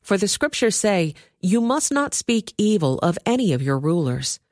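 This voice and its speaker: A woman's voice: medium pitch, sing-song, moderate pace, darkish tone, no room sound, studio quality, natural voice. A woman voicing a bold male apostle on trial, speaking in an earnest, pleading manner.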